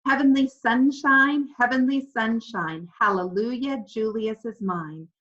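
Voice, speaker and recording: A woman voicing a mischievous green parrot that mimics voices, shrill and squawking. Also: a little slow, fairly bright tone. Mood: singing. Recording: slightly dull lo-fi recording.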